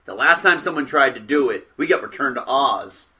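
Man, bright voice, very animated, halting sarcastic chatter. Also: medium pitch. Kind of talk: casual chat.

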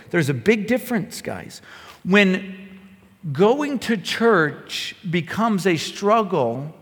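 A man preaching a sermon as pastor, building to loud, impassioned bursts when reading scripture. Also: sits high. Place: church sanctuary. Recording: long reverb of a sanctuary.

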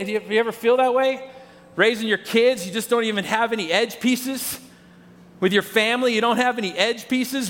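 High-voiced male pastor in a reverberant hall. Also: fairly bright tone. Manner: conversational, repeats words, addresses the congregation directly. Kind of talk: sermon.

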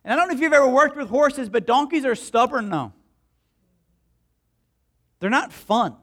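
A man's voice: very high voice, moderate pace. A man preaching a sermon as pastor, telling stories in a conversational way and acting out the quotes of the people in them. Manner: animated storytelling, acts out voices and crowd quotes; conversational, asks the congregation questions.

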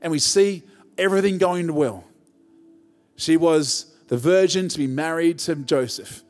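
A man's voice: on the high side, unhurried, a little mellow, in a large hall, soft background music. A man preaching a conversational sermon as pastor, rising to emphatic peaks.

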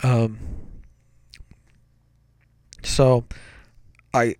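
Here a man with a mid-range voice talks extremely slowly as he tells a tale from when he was a kid. It's a dry recording, and his telling is animated, meandering, and full of self-corrections.

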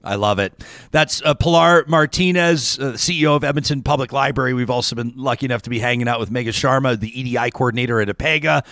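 A man hosting a radio talk show in a casual, eager way. He often repeats a word as he starts a thought. His voice sits at a middle pitch and sounds dry and close to the mic. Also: fast, a bit bright, no echo. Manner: enthusiastic, repeats words when starting.

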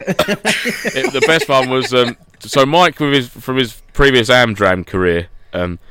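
A man's voice: medium pitch, lively intonation, takes it slowly, bright, forceful tone, smooth. A man co-hosting a podcast, chatting casually and telling rambling stories with frequent laughs. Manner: rambling anecdotal storytelling, laughs often. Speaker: podcast co-host. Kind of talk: casual chat.

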